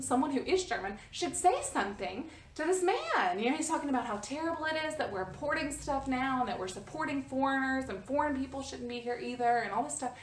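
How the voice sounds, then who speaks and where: A woman vlogger telling a personal story in a casual, animated way, often restarting her sentences. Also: high-pitched, echoey room, far from the mic. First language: English. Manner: animated, restarts often, rises when reliving the scene.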